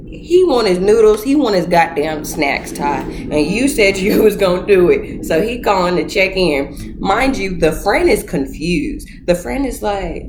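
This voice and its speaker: Animated woman recapping in a roomy echo. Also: mid-range voice, measured pace, slight background noise. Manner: animated, acts out scenes in voices, laughs. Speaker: reality TV recap vlogger. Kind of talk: casual recap commentary.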